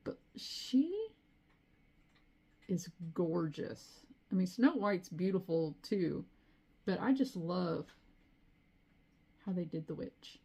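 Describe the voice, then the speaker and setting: A woman's voice: lowish voice, slow, pauses often, warm tone, slightly rough. A middle-aged woman chatting casually to camera as a cross-stitch vlogger, rambling with frequent asides. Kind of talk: casual chat.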